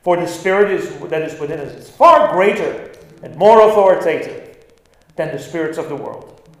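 A male pastor preaching an animated sermon, stressing lines and acting out quoted words. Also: fairly high pitch, moderate pace. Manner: animated, acts out quotes with bursts of emphasis. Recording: very echoey room.

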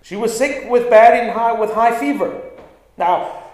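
High-voiced preacher man, very echoey room. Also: measured pace. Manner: animated, acts out quotes with bursts of emphasis. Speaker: pastor. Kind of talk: sermon.

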